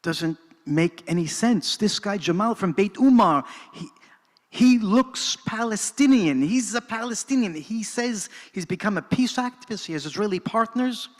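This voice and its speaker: A man's voice: high-pitched, expressive, normal speed. An older man giving an earnest, dramatic personal storytelling talk in a synagogue hall, moving between narration and reflection. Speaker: speaker at a presentation. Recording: reverberant hall.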